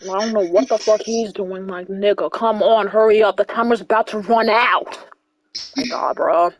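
A woman gamer chatting live while playing with a friend, swearing and yelling at other players. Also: medium pitch, normal speed. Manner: profane, excitable, shouts and swears at other players.

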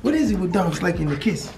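A man's voice: high voice, very noisy. A young man vlogging casually at home, talking playfully and dotingly to a new puppy. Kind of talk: casual vlog chat.

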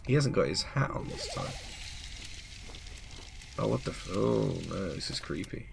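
A man's voice: lowish voice, sing-song, measured pace, gravelly, noisy background. A man doing casual let's-play commentary, chatty and reactive, often laughing.

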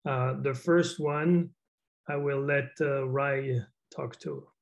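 A man's voice: mid-range voice, steady tone, takes it slowly, vocal fry, low-quality recording. A man chairing a video-call meeting in an easygoing, chatty way, with hesitant fillers. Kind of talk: casual meeting talk.

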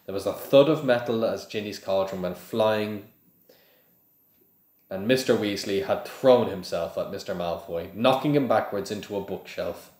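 A man with a low voice reads a novel aloud in a plain, steady way. He now and then trips over a word and restarts. The room adds a noticeable echo. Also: normal speed. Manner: plain, steady reading with small slips. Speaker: reader of a book to listeners. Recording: echoey room.

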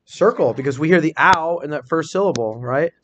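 A man's voice: fairly high pitch, fairly bright tone. Male teacher, classroom phonics lesson, patient and questioning, faint background noise. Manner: encouraging, questioning, spells words out slowly. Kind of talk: small-group phonics lesson.

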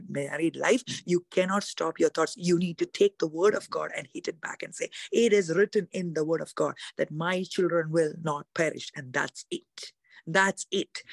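A woman's voice: deep voice, gravelly, dry recording. A woman preaching a sermon at a women's conference, emphatic and full of rhetorical questions. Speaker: conference speaker.

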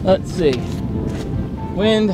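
An upbeat man with a fairly high voice chats and jokes while hosting a vlog from a boat on a lake. Clear background music plays under his talk. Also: drawn-out words. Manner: enthusiastic, jokey, chatty. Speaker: vlogger, channel host. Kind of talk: casual upbeat vlog chat.

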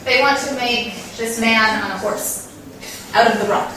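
A young woman gives a casual talk to a live audience, chatty and full of questions for the crowd. Her voice sits a little high. It is picked up from some distance in a very echoey hall with faint noise behind. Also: unhurried, bright, forceful tone. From North Dakota, USA. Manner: chatty, asks the audience questions, laughs often. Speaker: speaker giving a talk. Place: lecture room with audience.

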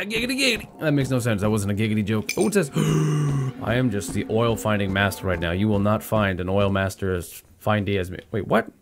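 A young man giving excitable, swearing let's-play commentary while playing a horror game. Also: mid-range voice. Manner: hyper, swearing, joking, talking to the game. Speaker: gaming video host.

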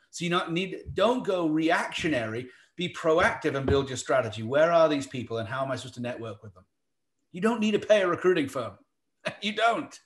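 A man presenting a virtual hiring workshop from his home office over a video call, chatty and energetic, with many fillers and restarts. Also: medium pitch. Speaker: talent strategy speaker.

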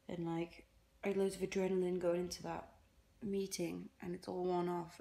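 Young girl rambling on in a vlog, kinda low voice, self-deprecating, goes quiet and whispery sometimes. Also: fairly even intonation, normal speed, gravelly, a little hiss or hum. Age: young adult. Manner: drops to a near-whisper at times. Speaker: vlogger, university student. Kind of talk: casual vlog chat to camera.

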